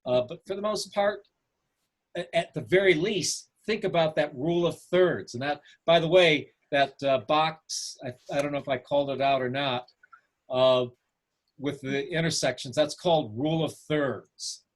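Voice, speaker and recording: Upbeat male photography teacher, higher voice. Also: normal speed. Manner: asks the class questions, encouraging. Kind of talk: online class over video call. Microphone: video call.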